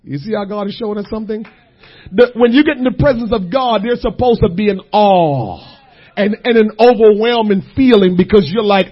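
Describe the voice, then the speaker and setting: A man preaching a sermon, dropping to a hush and then rising to shouts, repeating phrases for weight. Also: very high voice, moderate pace, husky, muffled recording. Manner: swings between hushed and shouting, repeats phrases.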